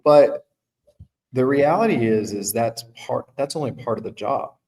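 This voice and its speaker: A man with an expressive, mid-range, slightly mellow voice talks a little slowly, and the audio quality is poor. He hosts a podcast and owns a management firm, thinking aloud in casual conversation, restarting his points and checking in with his guest with "right?"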